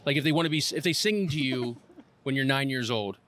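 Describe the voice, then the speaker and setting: A man's voice: medium pitch, a little fast, a bit bright. A man with an ordinary mid-range voice co-hosts a podcast, asking guests question after question. He teases them in casual chat. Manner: teasing, asks many questions. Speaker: podcast co-host, interviewer. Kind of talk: casual interview.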